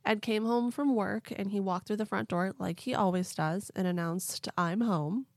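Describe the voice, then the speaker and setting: A woman's voice: medium pitch, fairly even intonation, normal speed, creaky, darkish tone, no echo, clean studio sound. A woman hosting a podcast, telling a story casually, cursing freely and laughing along. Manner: chatty, swears casually, laughs a lot. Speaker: podcast host.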